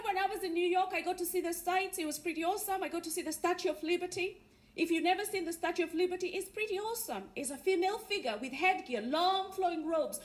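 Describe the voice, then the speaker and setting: Very high-voiced Kenyan woman doing stand-up. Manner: wry, punchline-driven delivery. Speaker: stand-up comedian. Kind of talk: stand-up comedy set. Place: theatre stage before a laughing audience. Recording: live theatre recording with faint noise.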